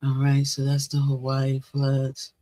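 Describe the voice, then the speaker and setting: A woman's voice: very deep voice, completely flat delivery, slow pace, dark tone, dry recording. A woman hosting a casual live stream, chatting and repeating herself as she greets viewers. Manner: chatty, repeats phrases, talks to viewers directly. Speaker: livestream host.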